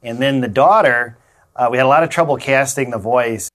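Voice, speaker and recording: A man's voice: medium pitch, fairly quick, fairly bright tone. A man, one of the show's creators, telling easygoing anecdotes about casting in an interview. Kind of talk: interview recollection.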